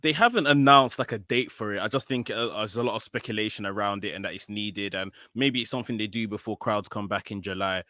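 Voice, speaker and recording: Bright-voiced, low-pitched podcast man. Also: quick pace, hardly any pauses, no echo, clean studio sound. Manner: informed, relaxed commentary with fillers. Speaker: podcast co-host. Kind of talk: casual chat.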